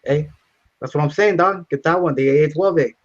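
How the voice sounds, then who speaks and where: A swaggering young street gang member with a slangy drawl, as a man puts him on, pitched a touch above the speaker's usual voice. He keeps calling people homie and dog, and the sound comes through dull, lo-fi voice chat audio. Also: brisk, close to an everyday voice.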